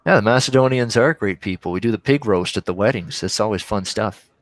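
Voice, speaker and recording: A man's voice: fairly low pitch, a little fast, no echo. A Canadian man hosting a betting livestream, chatting loosely with viewers and reacting to games as they play out. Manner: rambling, reacting live to games. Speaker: sports betting show host. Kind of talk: casual livestream chat reading viewer questions.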